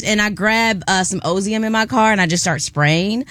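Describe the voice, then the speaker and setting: A woman co-hosting a radio show, telling a story in animated, casual chat with sudden jumps into high squeals. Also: normal speed, dry recording. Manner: animated storyteller, jumps into loud squeals when retelling panic.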